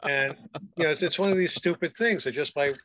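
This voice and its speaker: A man's voice: a little high, brisk, bright, forceful tone. A man hosting an interview, chatting casually and recounting a comedy show with loose restarts. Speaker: podcast host, interviewer.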